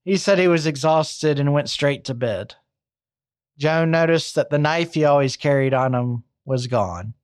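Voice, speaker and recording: A man's voice: fairly high pitch, a little slow, smooth, no room sound, studio quality. Casual, wry male true crime storyteller. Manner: conversational, wry asides.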